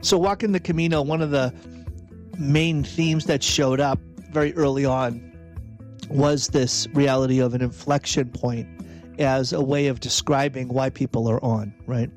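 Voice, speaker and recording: A man's voice: mid-range voice, fairly even intonation, moderate pace, darkish tone, faint music behind. A man from outside Boston hosting a reflective spiritual talk, conversational, repeating and restarting phrases with rhetorical asides. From outside Boston, USA. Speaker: podcast host and executive coach.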